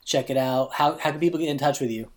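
A man's voice: mid-range voice, fast. A man hosting a podcast, chatting in a loose, bro-ish way and swearing freely over a remote call. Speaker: podcast host. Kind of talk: casual chat.

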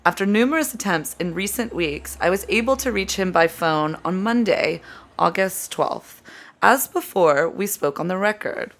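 A woman's voice: on the low side, expressive. Woman host reading an interview aloud. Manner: measured reading, often breaking into laughter.

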